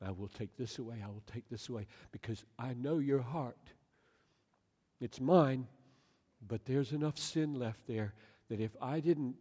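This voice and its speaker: A man voicing God, speaking gently and firmly to a beloved child, with long hall reverb around him. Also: medium pitch. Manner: gentle, fatherly, firm reassurance.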